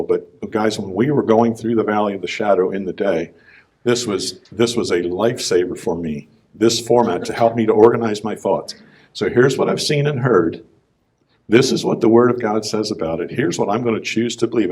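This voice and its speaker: A man, a business owner, giving a conversational personal testimony talk on a conference stage, clearing his throat now and then. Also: on the low side, darkish tone.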